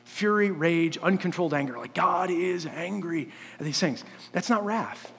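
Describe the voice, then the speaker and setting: Earnest high-voiced pastor in a reverberant hall. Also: male voice, lively intonation, moderate pace, a bit bright, breathy edge. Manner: conversational, frequent "like" fillers and restarts; earnest, building to emphatic points. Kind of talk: sermon. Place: church sanctuary.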